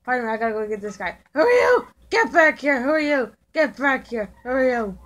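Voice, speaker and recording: A woman voicing a hyper, cheerful young male fox kid in in-character game commentary, excitable and pushy. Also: fairly high pitch, fast, close to an everyday voice. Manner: excitable, bouncy, keeps shouting questions at passers-by.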